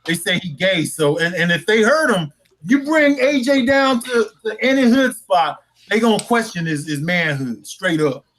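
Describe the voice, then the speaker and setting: High-voiced man in slangy boxing banter. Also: very animated, normal speed, fairly bright tone. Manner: loose, slangy, profane banter. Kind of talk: casual live chat.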